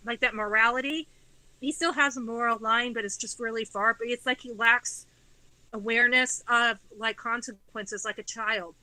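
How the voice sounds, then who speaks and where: A woman's voice: fairly high pitch, sharp tone, dry recording, low-quality recording. A woman in her forties, a guest author telling a candid, profane story in casual chat, with tumbling run-on sentences.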